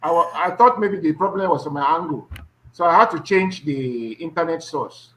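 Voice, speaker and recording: A man's voice: fairly high pitch, normal speed, fairly bright tone, poor audio. A man, a traditional priest joining a live stream as a guest, chatting easygoing over a video call. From Nigeria. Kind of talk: casual chat.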